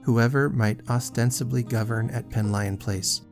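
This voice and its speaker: A man giving a steady, measured scripted narration of a classic novel as an audiobook reader. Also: mid-range voice, over music.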